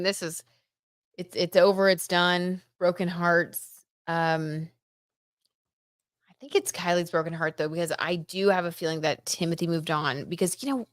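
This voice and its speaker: A woman's voice: fairly low pitch, a bit bright, dry recording, studio quality. Chatty woman hosting a tarot gossip livestream. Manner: chatty, gossipy, many fillers like "like" and "um". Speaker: tarot reader and livestream host. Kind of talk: casual livestream chat reading viewer comments.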